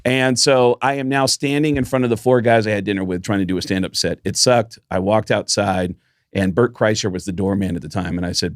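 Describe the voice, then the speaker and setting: Lower-voiced man spinning a story. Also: brisk, no room sound, clean studio sound. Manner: animated storyteller, swears freely, acts out other people in the story. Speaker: comedian and podcast host. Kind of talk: casual storytelling chat.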